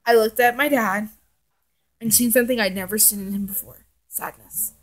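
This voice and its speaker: A woman's voice: on the high side, steady tone, fairly quick. A young woman reading her own fanfic aloud on her vlog, with chatty asides and self-corrections. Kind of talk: casual fanfic read-aloud.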